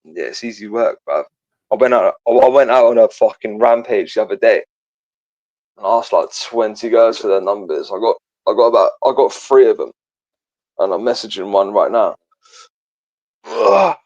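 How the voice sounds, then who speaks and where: Young guy calling in, low voice, rambling slangy chat, swears a lot, dull dry line. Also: expressive, moderate pace, a little mellow, no echo. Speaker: caller. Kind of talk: casual phone-in chat.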